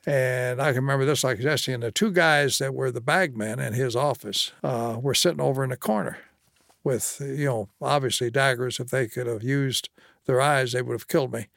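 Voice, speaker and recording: A man's voice: mid-range voice, fairly quick, vocal fry, a bit bright, dry recording, clean studio sound. An older man from Kentucky, a former state official, telling plainspoken stories from his career in an interview. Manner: plainspoken anecdotal storyteller, quotes others. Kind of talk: storytelling interview.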